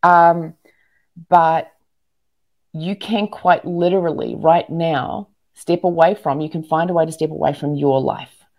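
A woman's voice: low-pitched, fairly even intonation, measured pace, darkish tone. A woman, a guest entrepreneur giving earnest, motivational advice in casual interview talk with frequent ums and restarts. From New Zealand. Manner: earnest, motivational, many fillers.

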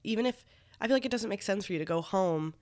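A woman's voice: mid-range voice, fast talker, a little mellow. A congested woman co-hosting a casual podcast, teasing and questioning her co-host. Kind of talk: casual chat.

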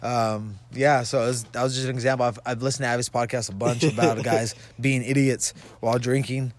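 Young man, mid-pitch, rambling storyteller who swears and laughs a lot; podcast co-host recorded outside. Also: fairly even intonation, fairly quick. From Vancouver, Washington. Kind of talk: casual storytelling. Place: outdoors in the cold.

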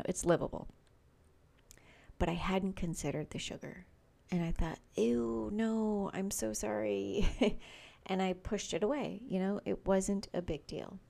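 A woman's voice: lowish voice, mellow. A middle-aged woman hosting a faith-based podcast, talking in a chatty, personal way with frequent fillers. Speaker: podcast host.

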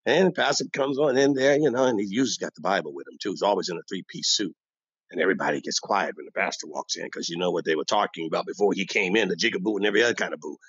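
An actor playing an older, bossy, old-school barbershop owner who rambles and boasts in street talk, delivered as a comic monologue. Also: male voice, low-pitched, rapid-fire, fairly bright tone, slightly rough, no room sound, exaggerated voice. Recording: dull dry lo-fi recording.

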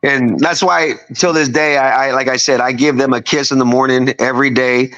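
A man's voice: mid-range voice, steady tone, moderate pace, fairly bright tone. A man of fifty telling a story on a podcast, rambling and swearing as he talks. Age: 50s. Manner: profane, rambling, emphatic. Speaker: podcast guest. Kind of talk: casual storytelling. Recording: dull lo-fi sound.

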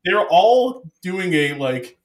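A man co-hosting a casual movie chat, rambling and full of "like", quick to laugh. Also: high voice, big pitch swings.

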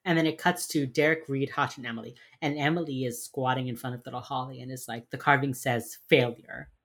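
A woman's voice: extremely low pitch, fairly even intonation, brisk. A woman co-hosting a casual chat, animatedly acting out lines from a TV show and swearing freely. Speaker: podcast co-host recapping a TV crime drama.

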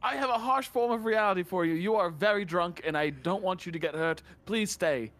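A man playing a tabletop game, speaking in an earnest, stammering, halting way. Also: high-pitched, a bit bright. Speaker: player. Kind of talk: casual tabletop play.

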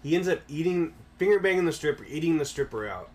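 A man's voice: fairly high pitch, animated, fast talker. A man hosting a podcast, telling a rambling story in casual chat, swearing heavily and dropping "bro" and "dude" often.

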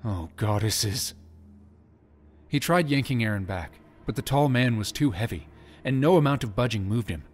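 A man's voice: medium pitch, lively intonation, brisk, hardly any pauses, soft background music. A man giving a dramatic scripted narration of an audiobook. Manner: dramatic storytelling.

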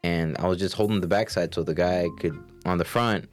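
Young guy w a low voice, chatty, acts out his coworkers in spanish + english, faint music under. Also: brisk. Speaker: guest. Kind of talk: casual chat.

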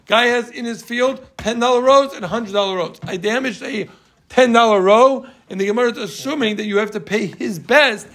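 A man teaching a Talmud class, animated and emphatic, repeating his points and teasing his students. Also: extremely high pitch, brisk.

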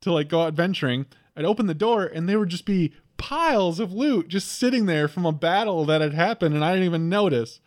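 A man's voice: sits high, animated, brisk, few pauses. A man co-hosting a casual chat, telling a rambling story and laughing often. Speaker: podcast co-host. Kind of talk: casual chat about a video game.

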